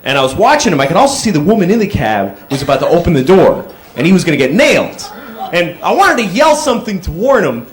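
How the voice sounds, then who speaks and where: On stage in a comedy club, a man with a high voice does stand-up, telling conversational stories and suddenly breaking into shouted bits. The live recording includes audience laughter.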